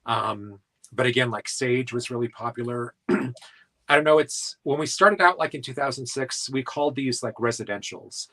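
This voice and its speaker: A man from South Dakota talks about paranormal work in a casual interview. His talk rambles and is full of filler words, at a middle pitch. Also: moderate pace, bright, forceful tone, rough recording. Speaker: paranormal investigator guest.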